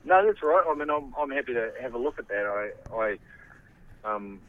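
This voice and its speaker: Man, defensive and profane, halting delivery, mid-pitched voice heard over a narrow, tinny phone line. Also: animated. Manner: defensive, swearing, halting restarts. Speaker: interviewee. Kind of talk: heated phone interview.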